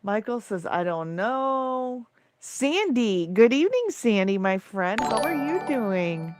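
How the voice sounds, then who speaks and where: A woman's voice: a little high, big pitch swings, measured pace, darkish tone, no room sound, clean studio sound, soft background music. A woman hosting a casual livestream, effusively thanking viewers by name as she reads the chat. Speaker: livestream host.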